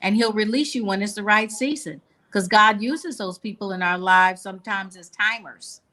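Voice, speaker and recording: A woman's voice: medium pitch, normal speed, bright, forceful tone. A woman author and guest giving an inspirational talk on a video call, earnest and preachy.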